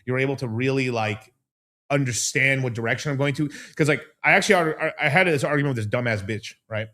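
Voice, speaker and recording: A man's voice: mid-range voice, fast, pushed and bright. A man hosting a casual livestream, talking in a profane, rambling way and laughing often. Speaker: host.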